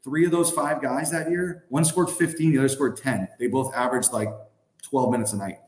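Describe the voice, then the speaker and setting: Man in his thirties, former athlete guest, loose chatty anecdotes full of fillers, mid-pitched, recorded in a roomy space. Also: fairly even intonation, brisk. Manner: rambling, filler-heavy storytelling. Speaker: podcast guest, former hockey player. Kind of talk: casual anecdote telling.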